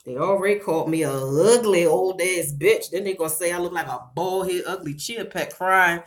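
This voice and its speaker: A middle-aged woman chatting on a casual livestream, loud and playful, breaking into laughter and talking straight to her viewers while she does her hair at home. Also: lowish voice, moderate pace. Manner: slangy and animated, talks straight to viewers. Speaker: vlogger doing a livestream.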